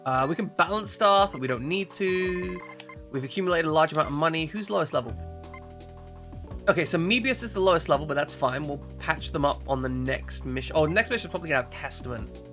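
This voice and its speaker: A man's voice: fairly high pitch, brisk, fairly bright tone, faint music behind. A man streaming a game in casual chat, joking and swearing and often repeating his words as he talks.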